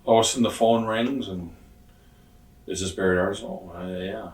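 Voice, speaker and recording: A man's voice: on the low side, fairly even intonation, moderate pace. A man in his sixties telling blunt, profane stories in a casual interview and acting out what other people said. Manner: blunt, profane, acts out quoted dialogue. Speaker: retired pro wrestler telling stories. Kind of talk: casual shoot interview storytelling. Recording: roomy sound from a distant mic.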